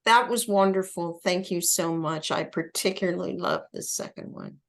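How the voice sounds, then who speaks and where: A woman hosting a virtual poetry reading, introducing readers in a relaxed, friendly way. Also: on the low side, moderate pace, vocal fry. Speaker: host. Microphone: video call.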